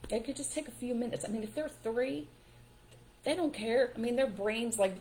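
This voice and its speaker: An older woman hosting a live stream, giving parenting advice in a relaxed, emphatic way and acting out what to say to children. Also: fairly high pitch, brisk. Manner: emphatic and instructive, acts out what parents should say.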